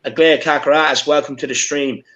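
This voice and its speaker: A man with an Irish accent hosting a casual fan live stream, upbeat and shouting out viewers. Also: on the high side, steady tone, brisk. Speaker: stream host. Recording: dull lo-fi stream audio.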